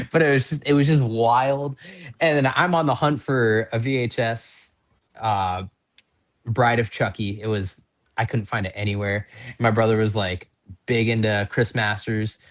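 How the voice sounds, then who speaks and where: A man's voice: medium pitch, steady tone, a little slow. A man from North Dakota, a pro wrestler and podcast guest, telling casual stories in a chatty, rambling, self-deprecating way. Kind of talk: casual storytelling in an interview.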